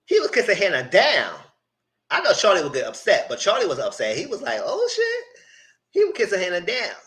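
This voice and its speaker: A man giving a live casual recap of a reality dating show, acting out the quoted lines and breaking into high-pitched excitement. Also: fast. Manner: animated, breaks into high shrieks and laughter when excited; acts out quoted lines in voices.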